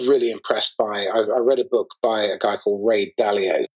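A man's voice: lowish voice, fairly even intonation, brisk, rough recording. A man interviewing a guest, asking curious and enthusiastic questions. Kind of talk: casual conversation.

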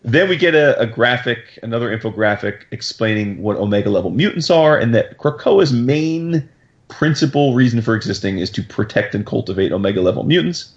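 An excitable man hosting a casual podcast, his voice sitting at an ordinary pitch. He talks fast and slangy, with plenty of swearing and fillers. The audio sounds dull and lo-fi. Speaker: podcast host. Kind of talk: casual comic book recap chat.

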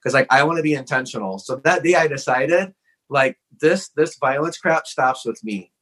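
A man's voice: mid-range voice, lively intonation, moderate pace, fairly bright tone, poor audio. A man as a podcast guest, telling a personal story in a frank, earnest way with lots of casual "like" fillers.

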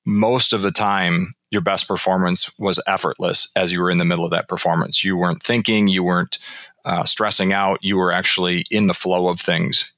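Low bright-voiced man telling stories. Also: no echo. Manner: storytelling, explanatory, frequent restarts. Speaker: author being interviewed. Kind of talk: conversational interview.

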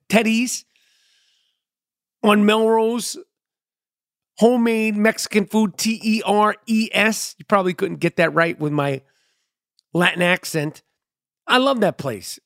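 A man's voice: high-pitched, no room sound, studio quality. A middle-aged man hosting a podcast, rambling in a loose, profane, streetwise monologue. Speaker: podcast host. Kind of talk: casual monologue.

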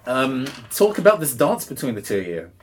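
A man's voice: medium pitch, huge pitch swings, a little fast, slightly rough. A man narrating a tabletop game as game master, chatty, with many ums and uhs.

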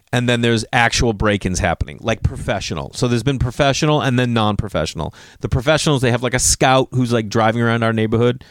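A man's voice: medium pitch, clear, resonant tone, no echo, clean studio sound. A man telling a story in casual talk, swearing freely and acting out what people said. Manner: animated, profane, acts out quotes.

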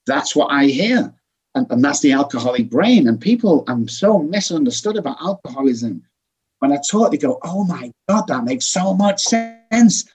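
A man's voice: mid-range voice, darkish tone, husky. A man, a guest in an interview, explaining alcohol recovery earnestly and acting out quoted voices. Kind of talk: conversational interview.

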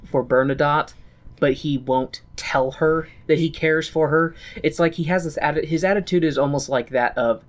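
A man's voice: a little high, normal speed. A man co-hosting a casual podcast, rambling through a recap and acting out lines with laughs. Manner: rambling, loses his train of thought, acts out quotes with laughs. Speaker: podcast co-host.

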